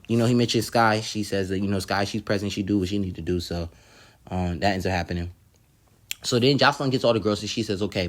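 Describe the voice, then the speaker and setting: Low-voiced man recapping a TV episode. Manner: profane, laughs often, acts out quotes. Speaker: TV episode reviewer. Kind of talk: casual recap and commentary.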